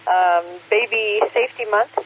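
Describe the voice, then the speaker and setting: Relaxed man on lo-fi ham radio. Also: high voice, moderate pace, slightly rough. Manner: relaxed, joking, frequent uh fillers. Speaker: net control operator on amateur radio. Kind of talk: casual radio chat reading daily holidays. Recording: lo-fi radio audio with faint hiss.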